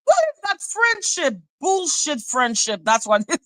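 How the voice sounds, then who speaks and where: A woman's voice: high-pitched, big pitch swings, a little slow, fairly bright tone, no room sound, poor audio. A woman live-streaming a heated, profane rant, scornful and mocking. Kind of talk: heated ranting commentary.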